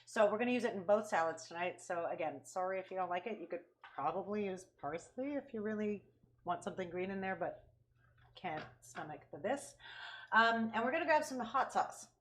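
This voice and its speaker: Playful female co-host, casual recipe talk, mid-pitched. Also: animated, fairly quick, a bit bright, slight background noise. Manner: chatty, playful. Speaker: co-host of a cooking and drinks show. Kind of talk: casual show chat, cooking how-to.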